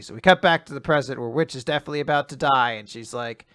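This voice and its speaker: Podcast co-host, male, bright and smooth, dry close mic, animated quote voices. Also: medium pitch, fairly quick, no echo. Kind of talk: casual recap chat, acting out quotes.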